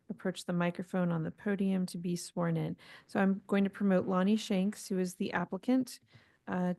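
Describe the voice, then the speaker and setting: Woman clerk reading agenda stuff, brisk, kinda gravelly and mellow. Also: medium pitch. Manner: brisk, procedural. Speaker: meeting clerk.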